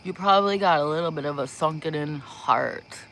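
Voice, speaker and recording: A woman's voice: low voice, a bit bright, a little hiss or hum. A woman chatting casually on a livestream before giving spiritual readings, rambling and giggling as she talks into a propped-up phone in a small room. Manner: rambling, giggly, slow talker.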